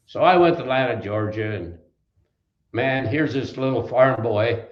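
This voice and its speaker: An older man from Wisconsin, USA, founder of a trucking company, is a guest in an interview, speaking at a moderate pace in a mid-range voice. In a folksy, rambling way he recalls his early days, restarting sentences and drifting between anecdotes. The room is echoey and the recording a bit dull.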